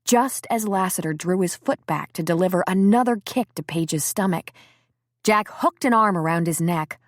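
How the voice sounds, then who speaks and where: A woman narrating a novel in a steady, measured audiobook reading. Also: lowish voice, no echo, studio quality. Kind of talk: scripted narration.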